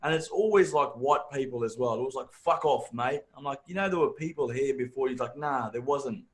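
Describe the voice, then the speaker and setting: A man's voice: mid-range voice, fairly quick. A man with a mixed English and Australian accent doing a brash, profane stand-up set. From born in England, raised partly in Africa and Australia. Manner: brash, profane, animated storytelling. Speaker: stand-up comedian.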